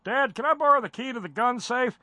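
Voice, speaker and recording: Man faking a sweet high little kid voice, eager, dry close sound. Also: fairly quick, bright, forceful tone, no room sound, full character voice. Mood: innocent. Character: young boy, sweet and eager.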